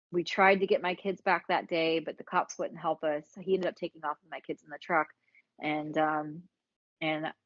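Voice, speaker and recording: A woman's voice: low voice, no echo. A woman from Alabama, telling her story frankly as a podcast guest, swearing freely and acting out what people said. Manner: frank, swears freely, acts out quoted dialogue. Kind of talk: candid casual storytelling. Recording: dry, slightly dull sound.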